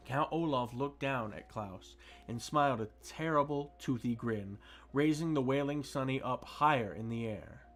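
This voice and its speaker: A man reading a storybook aloud on a stream, steady with occasional restarts. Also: medium pitch. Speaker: streamer reading books to chat. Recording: faint music behind.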